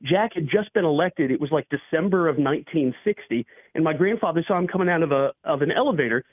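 Male guest over a tinny phone line, pitched a bit high, dry sound, relaxed storytelling. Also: fast talker, no room sound. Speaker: podcast guest, former country radio host. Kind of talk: casual interview chat.

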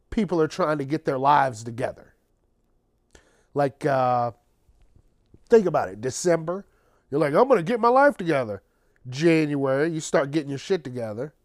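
Man, podcast host, slow drawl, a bit high, dry close sound, sarcastic swearing rant, tired. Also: a little mellow, dry recording. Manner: profane, ranting, sarcastic. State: tired, late at night. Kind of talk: casual solo monologue.

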